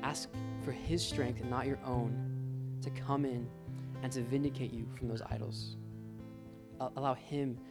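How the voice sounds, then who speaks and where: In an unhurried, flat delivery, a man with a mid-range voice gives a casual, encouraging sermon. The setting is a church gathering with faint live guitar, and he speaks informally, repeatedly calling his listeners "guys."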